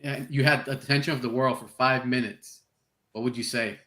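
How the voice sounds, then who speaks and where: A man hosting a podcast, asking relaxed, casual questions in an interview. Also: medium pitch, a little fast. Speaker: podcast host. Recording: roomy, echoey room sound.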